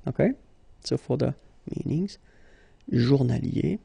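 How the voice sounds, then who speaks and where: A man's voice: medium pitch, lively intonation, gravelly, dark tone, slightly rough, dry recording. A man with a French accent teaching a language lesson, patient and explanatory. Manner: patient and explanatory, slow and deliberate.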